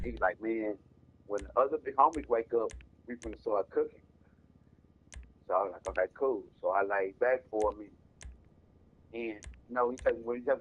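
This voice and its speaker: A man's voice: medium pitch, dull audio. A man casually telling a long rambling story, repeating himself and cursing, in slangy talk. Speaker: storyteller streaming a game.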